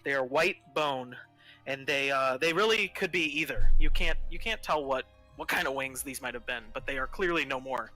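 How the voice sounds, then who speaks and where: A man's voice: medium pitch, normal speed, pushed and bright, soft background music, low-quality recording. A man narrating as game master, hesitant and full of fillers as he describes the scene.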